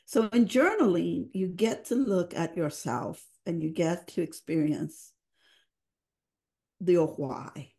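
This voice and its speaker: Speaking slowly and expressively, this woman has a gravelly, dark voice on the low side. As a podcast guest and family engagement program leader, she shares heartfelt stories with real emotion, now and then switching into Spanish.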